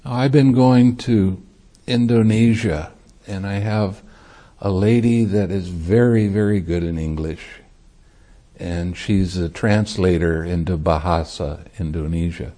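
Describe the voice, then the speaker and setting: Male monk, meditation teacher, dharma talk; slow delivery, mellow voice, easy laughter. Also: deep voice. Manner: light-hearted, laughs easily while teaching.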